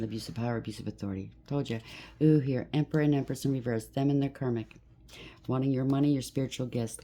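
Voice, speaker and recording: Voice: medium pitch, dark tone. A tarot reader giving a casual, blunt and emphatic reading, stacking up lists of labels.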